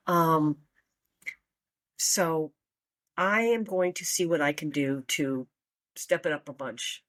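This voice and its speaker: A woman's voice: fairly low pitch, no echo, clean studio sound. A woman hosting her own podcast, talking casually and folksily to her listeners with plenty of fillers. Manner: chatty, folksy, with many fillers. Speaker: podcast host.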